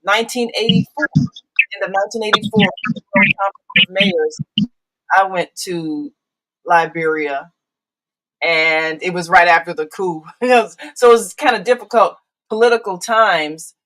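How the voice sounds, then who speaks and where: A woman's voice: medium pitch, fairly even intonation, a little slow, fairly bright tone, poor audio. An older woman hosting a live call-in talk show, chatty, with frequent fillers and restarts. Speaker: show host.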